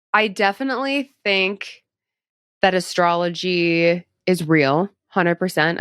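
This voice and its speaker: A young woman with a low, smooth, clear voice talks as a guest in a casual interview. Her delivery is chatty and upbeat, full of "like" and "um". The sound is close and dry. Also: no room sound. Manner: chatty, upbeat, heavy use of "like" and "um". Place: cosmetic surgery clinic.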